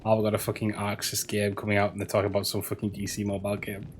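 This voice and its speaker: A man's voice: fairly low pitch, completely flat delivery, rapid-fire, background noise. A man streaming a game, chatting casually with his chat, stumbling over and repeating words as he rambles and swears now and then.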